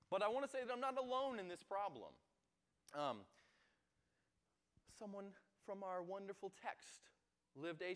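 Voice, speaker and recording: A young man giving a youth sermon, telling a self-mocking personal story in a lively, joking way. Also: sits high. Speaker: youth speaker.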